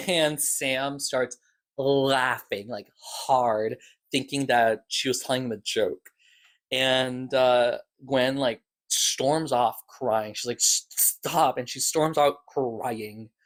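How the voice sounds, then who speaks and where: A man's voice: mid-range voice, slow pace, fairly bright tone. A man giving a casual, rambling recap of podcast episodes as a reviewer, talking loosely and stopping to restart his thoughts.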